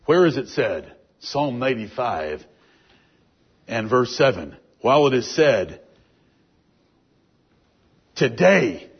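A man's voice: fairly high pitch, slightly rough. A man giving a verse-by-verse Bible teaching, reading out scripture verses and explaining them with emphasis. It is a dull, lo-fi recording.

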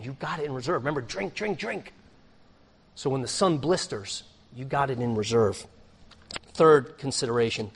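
A man's voice: medium pitch, slightly rough. A man preaching a sermon as pastor, acting out small scenes as he goes. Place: church sanctuary. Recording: long reverb of a church hall.

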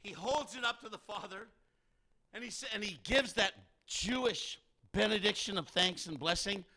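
A man preaching a sermon, telling a story dramatically and acting out the people in it, sometimes shouting. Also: high-pitched, normal speed. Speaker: pastor.

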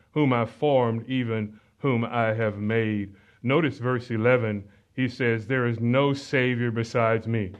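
Man preaching a verse-by-verse sermon, muffled. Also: mid-range voice. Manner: teaching, reads scripture aloud with pauses. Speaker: pastor.

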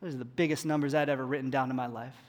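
A man's voice: medium pitch, steady tone, very fast. A man pastor telling a story in a sermon, conversational and self-deprecating. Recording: long hall reverb.

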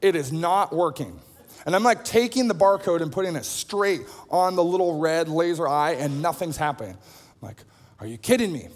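A man's voice: fairly high pitch, expressive, moderate pace. A man preaching a sermon, telling everyday stories in a chatty, self-deprecating way. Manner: conversational storytelling with self-deprecating humor. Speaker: pastor. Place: large auditorium. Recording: long hall reverb.

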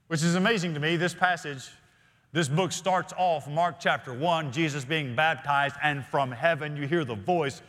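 A male senior pastor preaching a sermon in a church, earnest, often slowing and dropping to quiet emphasis. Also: fairly high pitch. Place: church sanctuary. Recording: long reverb of a large hall.

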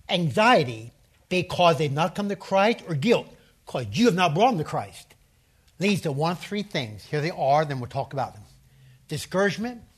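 A man's voice: a little high, breathy edge. Emphatic male preacher repeating key lines. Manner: emphatic, repeats key phrases, has the audience say verses aloud. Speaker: preacher and seminary professor. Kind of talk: sermon.

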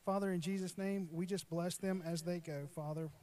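A man leads a fervent prayer, circling back to the same phrases again and again. His voice is somewhat high but mellow, and it barely rises or falls. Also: steady tone, moderate pace. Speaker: worship team member. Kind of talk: spoken prayer.

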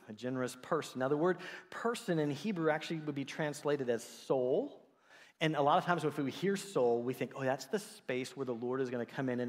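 A man preaching a sermon in a conversational, animated way, acting out the voices he quotes. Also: mid-range voice. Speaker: pastor. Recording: long hall reverb.

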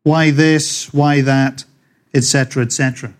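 A middle-aged man with a Scottish accent preaching a sermon, chatty and joking with the congregation, reading scripture slowly and loudly. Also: mid-range voice, fairly even intonation. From Scotland. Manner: slows and swells when reading scripture. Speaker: pastor. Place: church.

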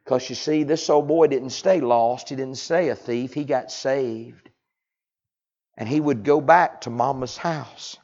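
A man preaching a sermon in a folksy way, dropping to hushed tones and rising to loud cries. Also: mid-range voice, measured pace, lo-fi sound. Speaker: pastor.

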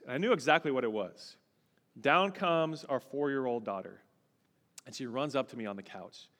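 A man's voice: mid-range voice, animated, moderate pace, a bit bright. A male pastor preaching a sermon, telling a personal story with expression and building to a fervent exhortation. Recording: long reverb, large hall.

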